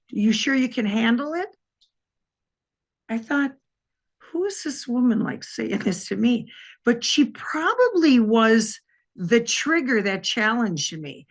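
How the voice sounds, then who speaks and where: A woman in her sixties from Wisconsin, a retired police detective telling her life story in an interview, lively and acting out quoted dialogue. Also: on the high side.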